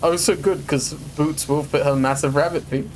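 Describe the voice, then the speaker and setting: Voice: mid-range voice, steady tone, moderate pace. Playful streamer host, casual swearing, faint hiss behind. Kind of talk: casual watch-along chat.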